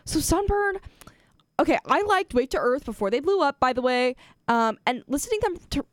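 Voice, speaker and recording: A young woman doing an impression of her co-host as a gushing, excitable fangirl DJ who piles up fillers and exclamations. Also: high voice, moderate pace, dry recording, clean studio sound. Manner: breathless, gushing, filler-heavy.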